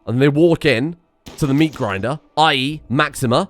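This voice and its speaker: A man giving excitable let's play commentary on a strategy game, muttering one moment and shouting the next. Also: medium pitch, normal speed, faint music behind. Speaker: gameplay commentator.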